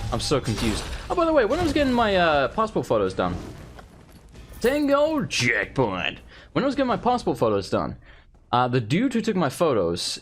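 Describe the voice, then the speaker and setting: A young man doing casual gameplay commentary, rambling and exasperated as he talks to himself. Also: sits high. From England. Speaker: let's play host.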